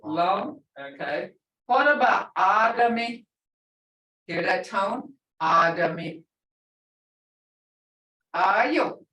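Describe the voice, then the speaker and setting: A middle-aged woman teaching a live language lesson, repeating words slowly and patiently for her learners. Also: mid-range voice, animated, fairly bright tone. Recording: echoey room, far from the mic.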